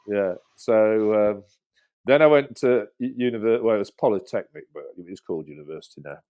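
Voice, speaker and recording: A man's voice: fairly low pitch, fairly quick, dull audio. A man in his fifties from England, a guest telling rambling stories in a casual chat. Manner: rambling storyteller, many restarts and laughs.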